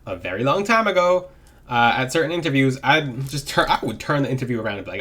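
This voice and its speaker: Man, vlog advice, animated pitch swings, medium pitch, rambling delivery. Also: quick pace. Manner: animated, swooping pitch to demonstrate; rambling with frequent restarts. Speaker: spiritual voice coach.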